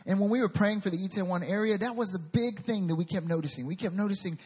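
A man preaching a sermon as a pastor, animated and acting out scripture voices. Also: high-pitched, quick pace, hardly any pauses, husky, long reverb tail.

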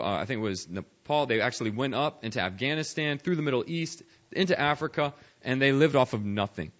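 A young man preaching a sermon as a missionary, telling stories with sudden drops to a hush and bursts of loud speech. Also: mid-range voice, lo-fi sound. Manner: storytelling, dramatic swings from hushed to loud.

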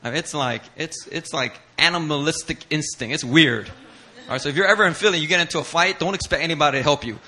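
A man whose first language is Korean, preaching a sermon as a pastor and telling stories in an animated way, acting out voices and laughing often. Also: fairly high pitch, fast talker. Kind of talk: sermon storytelling.

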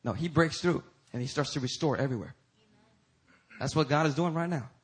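A man preaching a sermon as pastor, emphatic, rising to high, loud peaks and talking casually to the congregation. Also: brisk, husky, rough recording. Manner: uses y'all and casual asides to the congregation.

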